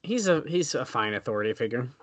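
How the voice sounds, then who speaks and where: A man's voice: medium pitch, sing-song, quick pace, fairly bright tone. A man co-hosting a podcast in casual, jokey, irreverent banter. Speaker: podcast co-host. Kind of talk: casual chat.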